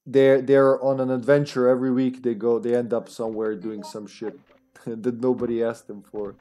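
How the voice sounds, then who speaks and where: A man's voice: medium pitch, flat delivery, normal speed, warm tone. A man streaming a video game with friends, chatting casually, joking and laughing often. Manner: jokey, laughs often, rambling. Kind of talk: casual gaming chat.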